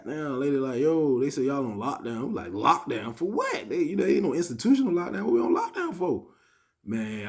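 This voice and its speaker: Brief: man, low mellow voice, casual slangy storyteller, acts out lines with sudden shouts and whispers. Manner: animated, acts out dialogue with loud bursts and whispers; slangy, frequent "you know what I mean". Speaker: storytime vlogger.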